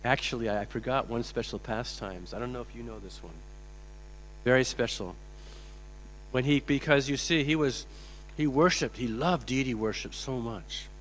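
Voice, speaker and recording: A man giving a sermon as a swami, telling stories in an animated way and acting out the quotes. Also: medium pitch. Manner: animated, acts out quotes, laughs. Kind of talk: sermon with storytelling. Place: temple hall. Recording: echoey hall with mains hum.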